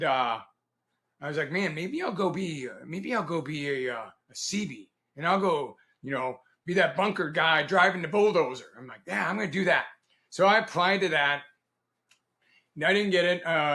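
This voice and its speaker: A middle-aged man, a Navy veteran guest, telling stories from his career in a casual interview, animated and laughing often as he acts out quoted dialogue. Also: fairly high pitch.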